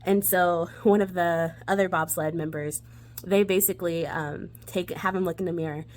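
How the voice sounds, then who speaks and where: A woman's voice: lowish voice, steady tone, normal speed. A young woman hosting a casual movie review vlog, bubbly and enthusiastic, giggling as she talks.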